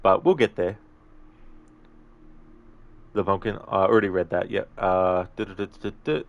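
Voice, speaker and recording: A man's voice: sits low, moderate pace, muffled recording. A man streaming a video game, chatting casually and reading out chat messages. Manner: relaxed, rambling, reads chat aloud.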